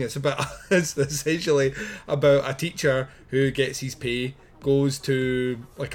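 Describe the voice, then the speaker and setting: A man co-hosting a film podcast, rambling casually with lots of fillers, restarts and swearing. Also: mid-range voice. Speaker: podcast co-host. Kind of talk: casual film review chat.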